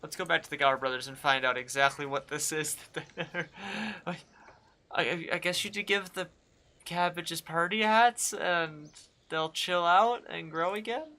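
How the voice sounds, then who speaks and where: A man's voice: fairly high pitch, moderate pace, pushed and bright. A man doing casual let's-play commentary, joking and exasperated. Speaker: gaming YouTuber.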